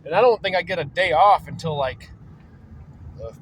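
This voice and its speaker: A man's voice: on the high side, normal speed, a bit bright, a little hiss or hum, low-quality recording. A man vlogging casually while driving, loose and profane, trailing off with fillers. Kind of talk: casual rambling vlog. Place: in a moving vehicle on an early morning drive.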